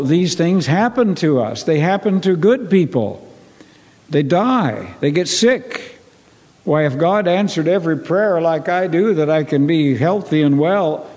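A man preaching a sermon to his congregation, earnest and repetitive, often clearing his throat. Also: a little high, darkish tone. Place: church sanctuary. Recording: long reverb of a church hall.

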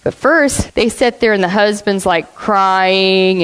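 A woman telling a story in a sermon, blunt and animated, acting out what people said. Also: medium pitch, slow pace, smooth. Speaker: church speaker. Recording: long reverb of a hall.

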